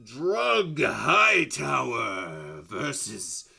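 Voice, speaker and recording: A man voicing a showy male tiefling fight announcer who shouts loud and theatrical to a crowd. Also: medium pitch, wildly swooping pitch, drawn-out words, creaky, husky, full character voice. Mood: booming.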